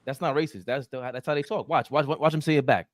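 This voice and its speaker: A man co-hosting a casual sports podcast, talking in slangy, emphatic bursts with loud outbursts. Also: medium pitch, fast, no echo, clean studio sound. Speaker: podcast co-host.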